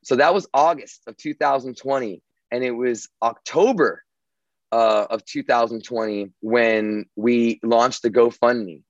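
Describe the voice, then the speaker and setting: A man's voice: mid-range voice, a little slow, dry recording, dull audio. A man casually telling a long story, rambling and swearing, with many restarts. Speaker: guest telling his story.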